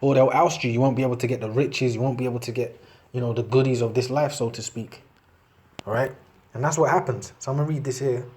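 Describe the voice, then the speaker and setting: A man delivers an informal sermon in a mellow, warm voice, mid-pitched and unhurried. He keeps it conversational, drops in scripture readings, and tacks "man" onto the end of his points. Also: fairly even intonation. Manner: loose and conversational, tags lines with "man". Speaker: preacher. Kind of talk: casual street-style preaching with scripture reading.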